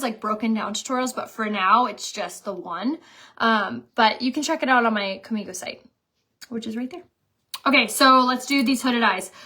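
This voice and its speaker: A chatty young woman talks a makeup tutorial to the camera in a casual, rambling way. Her voice sits a little high, and she fills pauses with easy fillers. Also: fairly bright tone. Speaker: makeup vlogger and beauty consultant. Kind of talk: casual makeup tutorial, reading viewer comments.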